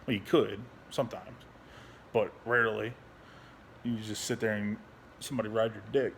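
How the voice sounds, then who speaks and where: A young adult man, a veteran, talking candidly at home into his phone, frustrated and halting, swearing a lot and restarting his sentences. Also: fairly low pitch, steady tone, slight background noise. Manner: frustrated, rambling, heavy swearing. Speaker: veteran vlogger. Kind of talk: candid personal vlog.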